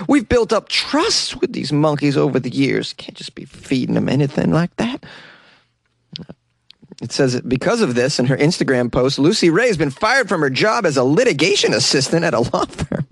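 A man's voice: medium pitch, sing-song, moderate pace, vocal fry, no echo, studio quality. A man from the United States reading weird news stories aloud and mocking them with sarcasm, laughing often between lines. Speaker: news commentary host. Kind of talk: casual news commentary.

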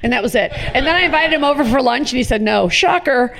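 A woman comedian in her fifties from the American Midwest tells animated, profane stories in an interview. Her voice has a gravelly fry and sits somewhat high. She keeps breaking off into quick asides. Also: a little hiss or hum. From Chicago, USA. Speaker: comedian guest. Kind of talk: casual storytelling interview.

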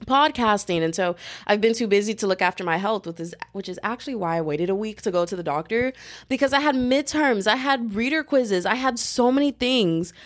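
In a mid-range voice, this young woman, a student and podcaster, spins a dramatic, lively story full of slang and rapid asides, keeping the tone casual.

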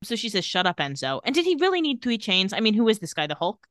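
Woman podcast co-host retelling scenes with animated delivery, in a dry room. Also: a little high, quick pace, no echo. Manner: animated retelling, acting out quoted lines. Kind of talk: casual recap chat.

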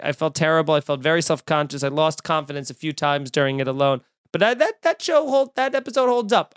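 A man's voice: high voice, no echo, clean studio sound. A man hosting a podcast, riffing in a casual, profane stream of consciousness. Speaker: podcast host. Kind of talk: casual rambling chat.

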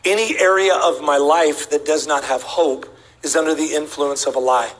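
A man's voice: fairly high pitch, moderate pace, poor audio. A man preaching a humorous sermon to a church congregation, telling stories and acting out the voices of the people in them. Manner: animated, acts out voices of people in his stories. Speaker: guest preacher. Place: church sanctuary before a congregation.

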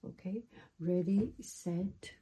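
Woman, slow-talking, husky, mellow tone, chatty microphone demo, slips into whispers. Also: fairly low pitch, fairly even intonation. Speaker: vlogger testing a microphone. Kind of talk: casual demonstration. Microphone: small microphone plugged into a laptop.

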